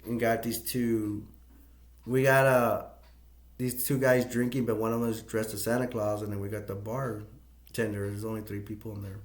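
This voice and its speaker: A man with a lowish, level voice recounts a movie at a moderate pace as a reviewer. The room echoes, and he rambles loosely, restarting sentences, leaning on fillers, and chuckling frequently.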